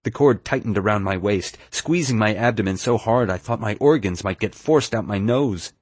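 A man reading a first-person adventure story aloud in a steady, measured way. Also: fairly low pitch, husky, no echo. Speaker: audiobook narrator. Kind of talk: scripted first-person narration.

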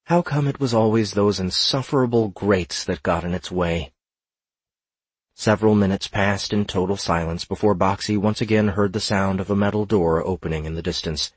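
A man narrating an audiobook in a steady, measured reading. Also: sits low, slightly rough, no echo.

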